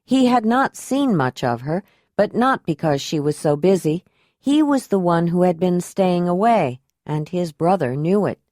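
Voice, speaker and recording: Low-voiced woman narrating an audiobook. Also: no room sound, studio quality. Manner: even, unhurried storytelling.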